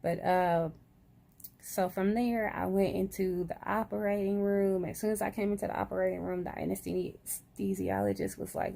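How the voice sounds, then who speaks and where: A woman's voice: medium pitch, steady tone, normal speed, gravelly, warm tone. A woman chatting casually to camera, groggy after surgery, sprinkling "y'all" through her talk. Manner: chatty, says "y'all" often. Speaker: vlogger.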